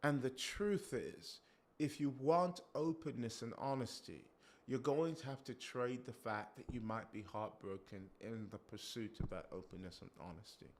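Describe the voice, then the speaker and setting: A male preacher giving an animated sermon, acting out quotes and breaking off to comment on himself. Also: mid-range voice, moderate pace. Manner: animated, acts out quotes, self-interrupting.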